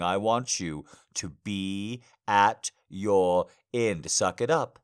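A man speaking an intimate roleplay monologue straight to the listener, murmuring low, teasing and commanding. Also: slow. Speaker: audio roleplay narrator.

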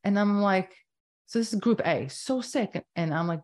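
A woman in her fifties, a doctor speaking as a podcast guest, talking emphatically in animated bursts. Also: mid-range voice, normal speed. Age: 50s. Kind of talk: casual interview talk.

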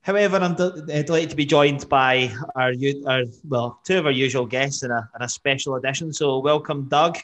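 A man's voice: mid-range voice, a little fast, hardly any pauses, fairly bright tone. A man hosting a football podcast, chatty and jokey, with frequent fillers and restarts. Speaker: podcast host. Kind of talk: casual podcast chat.

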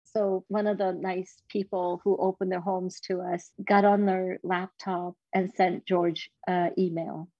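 A woman's voice: fairly low pitch, little pitch movement, unhurried, no echo, lo-fi sound. A woman in her fifties telling a personal story in an interview, candid and self-deprecating. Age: 50s. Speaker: guest.

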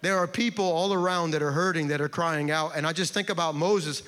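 A pastor delivers an impassioned sermon in a high, bright male voice. He builds through repeated refrains, and the sound rings out with a long reverb from a large church sanctuary. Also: steady tone, fairly quick.

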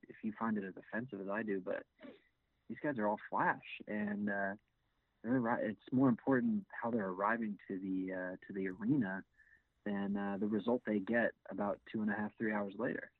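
A sports podcast co-host speaks in a lowish, steady voice at a brisk pace, hesitant and full of fillers and restarts. The audio is tinny and phone-like, without echo.

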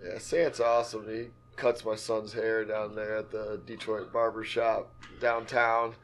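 A man's voice: fairly low pitch, monotone, a little slow, a little hiss or hum. A man who sings and plays guitar in a band, chatting in a laid-back way and saying "dude" often. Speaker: singer and guitarist. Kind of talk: casual chat.

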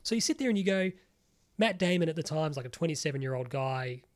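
Podcast co-host, man, slightly high-pitched, chatty and animated, swears casually. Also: fast talker. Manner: rambling, animated, swears freely, lots of "like". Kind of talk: casual chat.

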